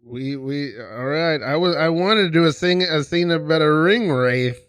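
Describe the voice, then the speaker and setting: A man's voice: a little high, normal speed, a bit bright, clear, resonant tone, no room sound. A man hosting a casual podcast in a radio studio, cracking jokes and playing with wordplay. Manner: wisecracking, goofy wordplay. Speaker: podcast host.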